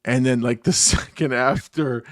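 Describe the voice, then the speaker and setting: A man's voice: medium pitch, fairly even intonation, measured pace, no room sound, studio quality. A man co-hosting a reaction show, talking casually and rambling with many restarts and fillers. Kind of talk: casual chat.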